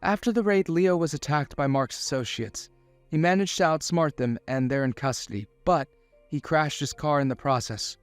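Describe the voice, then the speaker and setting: A man voicing a cool, precise woman government agent who speaks flatly. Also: on the high side, normal speed, no room sound, soft background music, lightly acted. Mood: businesslike. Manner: flat and precise.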